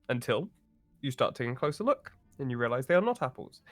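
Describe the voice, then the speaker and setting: A man running a tabletop game as game master, describing scenes with lively relish. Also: medium pitch, fast, dry recording, soft background music.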